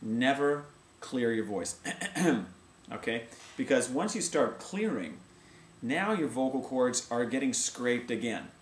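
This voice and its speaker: A man's voice: mid-range voice, animated, measured pace. A middle-aged man teaching a casual video voice lesson, explaining vocal technique and breaking into short sung vowel demonstrations. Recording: echoey room with faint ambient noise.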